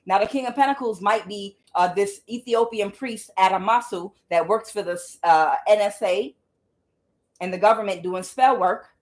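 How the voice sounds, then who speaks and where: Speaking at a moderate pace, this woman has a mid-range, slightly mellow voice. She gives a casual tarot reading, talking aloud to the Holy Spirit throughout, and her delivery is blunt and profane.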